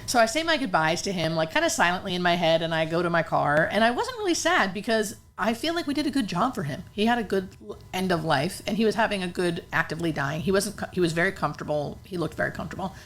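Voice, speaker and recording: A woman's voice: on the low side, very animated, quick pace, a bit bright. A woman hospice nurse earnestly telling a personal story in conversation, emotional and full of fillers.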